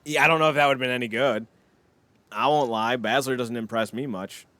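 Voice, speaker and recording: A man's voice: medium pitch, a little fast, fairly bright tone, dry recording. A man co-hosting a wrestling podcast, casual chat, opinionated, rambling and jokey. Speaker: podcast co-host.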